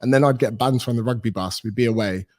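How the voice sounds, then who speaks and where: Speaking quickly in a mid-range voice, a British man in his thirties, a personal trainer, shares stories on a casual podcast as a guest, animatedly acting out what others said.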